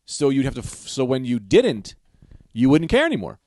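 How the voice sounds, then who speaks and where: A man's voice: mid-range voice, wildly swooping pitch, normal speed, darkish tone, no room sound. A man co-hosting a podcast, a stand-up comedian talking in loose, rambling, jokey banter. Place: small podcast studio. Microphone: studio podcast mic.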